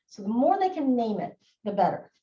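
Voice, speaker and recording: A high-pitched woman gives a live training talk, mellow in tone and full of swooping inflection as she acts out quoted voices. She is picked up from a distance in an echoey room, and the sound is dull. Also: brisk. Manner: lively, acts out quoted kids and adults. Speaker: presenter on child behavior. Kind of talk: recorded live training presentation. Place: presentation room.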